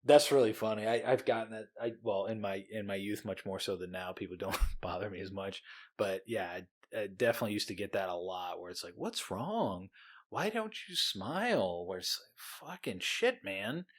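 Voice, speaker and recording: A man's voice: fairly low pitch, a little fast. A man from the US co-hosting a podcast, teasing his friend and laughing, with frequent swearing. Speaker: podcast co-host. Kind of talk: casual chat.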